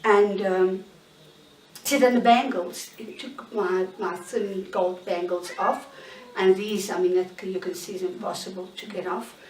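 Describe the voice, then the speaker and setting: A woman in her sixties giving a candid, halting personal account in an interview at home. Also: mid-range voice, fairly even intonation, a little mellow. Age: 60s. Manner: candid, halting, searching for words. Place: bedroom in her own home. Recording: roomy sound, mic at a distance.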